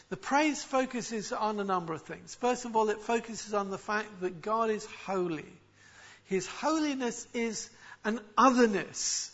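A man preaching with a very high, bright and forceful voice. He explains his text emphatically and often restarts words mid-phrase. The recording sounds a little dull and lo-fi. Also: normal speed. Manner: expository, emphatic, with frequent restarts. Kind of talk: sermon.

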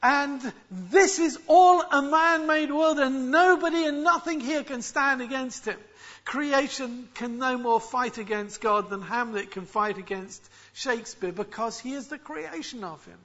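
A man preaching with a very high, bright and forceful voice. He explains his text emphatically and often restarts words mid-phrase. The recording sounds a little dull and lo-fi. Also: a little slow. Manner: expository, emphatic, with frequent restarts. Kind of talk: sermon.

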